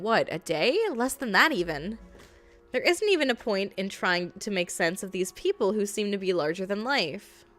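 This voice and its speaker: An American woman streamer reading a visual novel aloud and chatting in an animated, jokey way, often laughing. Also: medium pitch.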